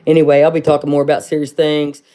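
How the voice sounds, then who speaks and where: A woman from hosting a casual livestream and answering viewer comments. She speaks bluntly, fills pauses with "uh", and calls everyone "honey". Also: sits low, little pitch movement, warm tone. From southern Ohio. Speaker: livestream host.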